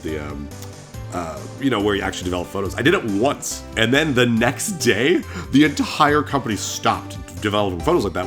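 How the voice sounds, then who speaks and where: A man in his thirties casually commenting on a game as he plays, reading text aloud and wandering off on tangents. His low voice swings lively up and down. Faint game music sits underneath. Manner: rambling, chuckling, self-correcting. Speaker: gaming channel host.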